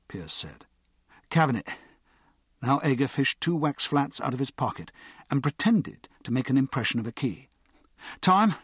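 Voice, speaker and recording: This audiobook narrator reads a chapter in scripted narration, with a measured, expressive storytelling style. His mid-range voice is slightly rough, and the recording is clean studio sound with no echo.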